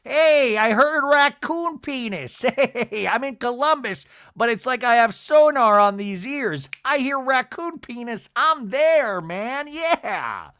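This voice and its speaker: A man's voice: very high-pitched, lively intonation, slow pace, hardly any pauses, clear, resonant tone, no echo, studio quality, pitched above the performer's own voice, full character voice. A man putting on a shrieking, frantic guy. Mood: manic. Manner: shouting, frantic, whooping. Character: excitable man with a squeaky high voice.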